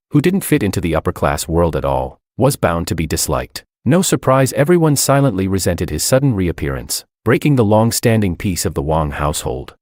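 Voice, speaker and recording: A man narrating a first-person story in a lively, expressive reading. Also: deep voice, no echo, clean studio sound.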